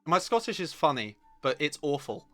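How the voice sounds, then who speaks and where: Bright, bantering male player in a dry, close recording. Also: a little high, very animated, normal speed, no room sound, faint music behind. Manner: joking, banter. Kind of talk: casual tabletop game chat.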